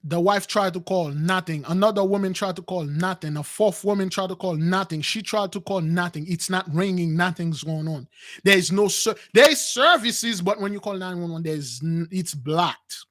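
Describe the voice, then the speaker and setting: Speaking at a moderate pace in a high voice, a man who hosts a spiritual channel animatedly retells a dramatic episode from his own life, performing the quoted lines. He calls his audience "brothers," repeats himself, restarts sentences and uses non-standard grammar.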